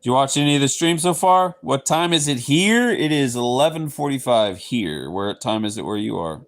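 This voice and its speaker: A man's voice: mid-range voice, expressive, moderate pace. A man from Southeast Texas with a Texan accent, chatting casually with viewers on his livestream, playful and slipping into goofy voices. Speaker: livestream host. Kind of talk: casual live chat with viewers.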